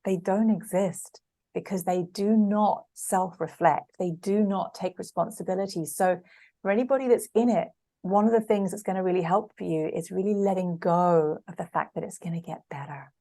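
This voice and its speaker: Emphatic lower-voiced woman coach. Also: moderate pace, warm tone. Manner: earnest, emphatic, repeats for stress. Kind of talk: casual podcast interview.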